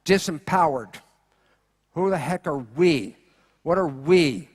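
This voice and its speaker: Male conference speaker, high voice, animated keynote delivery with rhetorical questions. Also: slow pace, breathy edge. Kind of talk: keynote lecture.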